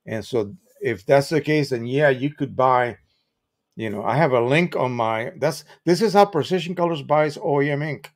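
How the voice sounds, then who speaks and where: A chatty American man with a mid-range voice hosts a casual live-stream tutorial at a moderate pace. He explains things through examples and frequently restarts his sentences.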